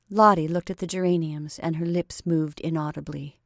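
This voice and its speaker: A woman's voice: low-pitched, steady tone, moderate pace, hardly any pauses, no echo. Woman reading a classic story, dry sound. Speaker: narrator. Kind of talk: scripted narration of a classic story.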